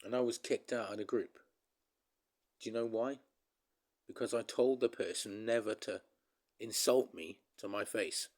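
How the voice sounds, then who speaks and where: Speaking directly to his audience, a man vents in a casual vlog, rambling emphatically, restarting his thoughts, and addressing them again and again as guys. His somewhat low voice moves at a measured pace with long pauses.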